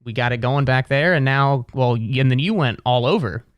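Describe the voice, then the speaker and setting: A young man from Ohio hosts a casual comedy podcast from his apartment, loose and quick with a joke and never shy about swearing. His voice sits at an ordinary middle pitch. It is recorded dry and close, with no room echo. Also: smooth. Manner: loose, joking, swears freely. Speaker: podcast host. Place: home apartment.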